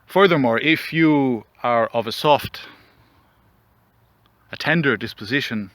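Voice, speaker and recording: A man delivering a mock-dramatic comedic monologue outdoors, mock-solemn and rambling, with theatrical pauses. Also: medium pitch, fairly bright tone, dry recording. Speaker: commentary vlogger.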